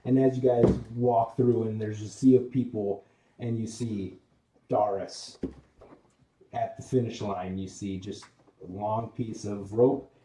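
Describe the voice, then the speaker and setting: A man's voice: on the low side, steady tone, unhurried, warm tone, reverberant, far from the mic, slight background noise, low-quality recording. A man running a tabletop game as game master, narrating a scene casually with lots of likes and ums.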